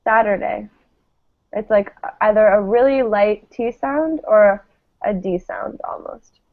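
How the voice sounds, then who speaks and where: A woman's voice: mid-range voice, takes it slowly. A woman teaching English pronunciation, patiently modeling words for her class to repeat. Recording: tinny phone-like lo-fi sound.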